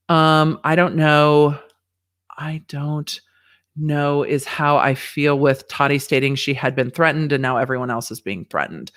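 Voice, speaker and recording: A woman's voice: sits low, steady tone, unhurried. Woman, lawyer, casual livestream commentary, candid, profane, answers chat questions.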